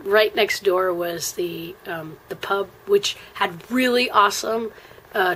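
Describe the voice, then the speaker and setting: A woman with an American accent recounts a trip in a relaxed, chatty way. She rambles, fills pauses with ums and uhs, and keeps clearing her throat. A faint hiss of noise sits behind her voice. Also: medium pitch, poor audio. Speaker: traveler telling a trip story. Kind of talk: casual spoken storytelling.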